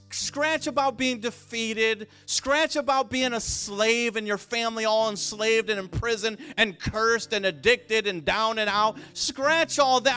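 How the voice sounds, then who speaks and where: A man preaching a sermon with passion, repeating phrases and rising to shouts for emphasis. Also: extremely high pitch, clean tone.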